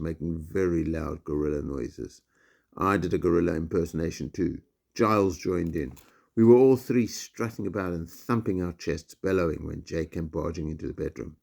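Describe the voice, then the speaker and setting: A man, a teacher reading a children's book aloud in a lively storytelling way. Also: sits low, gravelly, husky. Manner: lively storytelling, voices for each character.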